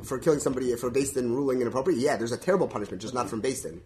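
A man teaching a Talmud class in an animated way, laughing often and translating Hebrew and Aramaic phrases as he goes. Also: mid-range voice, very fast, slight background noise.

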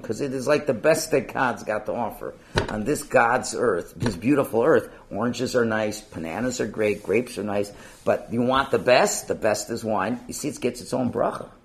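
Male teacher, animated and conversational, asks his class questions. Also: mid-range voice, normal speed, slight background noise. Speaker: Torah teacher. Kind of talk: informal lesson.

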